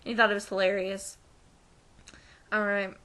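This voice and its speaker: A woman's voice: medium pitch, moderate pace. A young American woman vlogging, telling a story casually and acting out the voices of the people in it. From United States. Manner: animated, acts out quoted voices.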